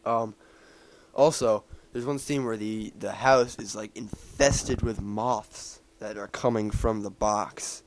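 A man's voice: lowish voice, a little mellow. Rambling casual man recapping a film. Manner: rambling, with many fillers and restarts. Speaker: movie reviewer. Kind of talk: casual spoken movie recap.

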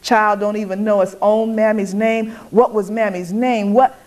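A woman's voice: mid-range voice, steady tone, normal speed, darkish tone, voice pushed up, close to an everyday voice. A woman voicing a fierce, defiant young enslaved woman who taunts and grieves in dialect. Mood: taunting.

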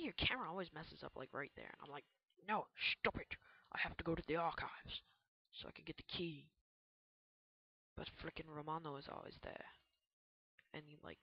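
A gamer giving casual gameplay commentary in a rambling, chatty way, yelping high when startled. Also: dry recording, lo-fi sound. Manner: chatty, rambling asides to viewers. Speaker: let's play gamer.

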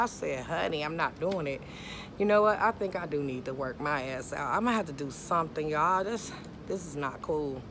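A woman's voice: sits low, expressive, normal speed, a bit bright, a little hiss or hum. A woman, vlogging casually in a chatty, dramatic, self-mocking way, out of breath. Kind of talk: casual vlog talking to viewers. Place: outdoors by a pool.

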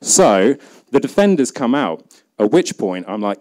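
A man's voice: mid-range voice, big pitch swings, a little slow, darkish tone. A man with a British accent giving a humorous conference talk, chatty and jokey, acting out bits of imagined dialogue. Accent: British English. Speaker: conference speaker. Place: conference event.

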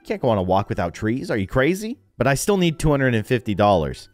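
A man's voice: mid-range voice, quick pace, no room sound, faint music behind. A young man giving playful, goofy commentary on a video game he is playing, laughing often. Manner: goofy, laughing, animated reactions. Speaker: gaming YouTuber.

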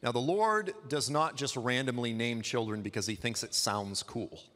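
A man's voice: medium pitch, moderate pace, a bit bright. A man giving a sermon in a church, telling the story in a conversational, humorous way. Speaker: guest preacher. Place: church hall. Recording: long hall reverb.

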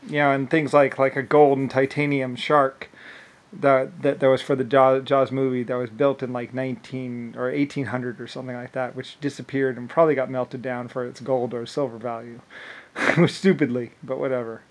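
A man's voice: medium pitch, flat delivery, moderate pace, poor audio. A man talking in a rambling monologue, restarting phrases often and breaking into laughter.

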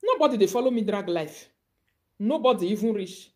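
A woman's voice: mid-range voice, expressive, a little fast. A woman with a Nigerian accent ranting on a live video, mocking and scolding her targets. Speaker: online commentator.

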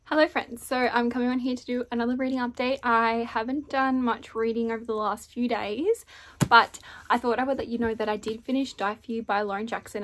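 A young woman chatting casually to camera about her reading, candid and full of little fillers. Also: a little high. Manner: chatty, candid, peppered with "like" and "I don't know". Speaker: book vlogger. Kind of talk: casual reading vlog chat.

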